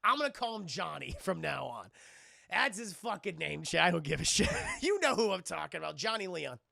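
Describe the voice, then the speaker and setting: Creaky, bright-voiced man ranting casually. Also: high-pitched, huge pitch swings, a little fast, no room sound, clean studio sound. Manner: profane, rambling, joking. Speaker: streamer and film reviewer. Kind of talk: casual livestream film recap.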